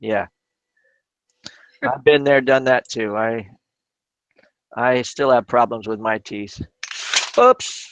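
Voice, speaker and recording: A man's voice: medium pitch, slow pace, pauses often, smooth, no room sound, rough recording. A man hosting a live crafting stream, chatting casually while he works, often restarting and repeating words. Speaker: crafting channel host.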